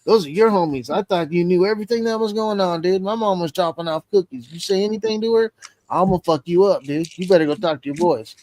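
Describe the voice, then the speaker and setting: Man, stream host, casual profane storytelling, slightly high voice, dry close sound, acts out quotes. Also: quick pace, darkish tone, no room sound.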